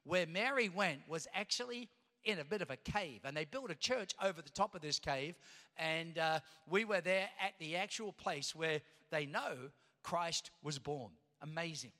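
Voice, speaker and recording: Middle-aged male pastor, high bright voice, story-driven sermon that builds to loud preaching, long hall reverb. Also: expressive, moderate pace.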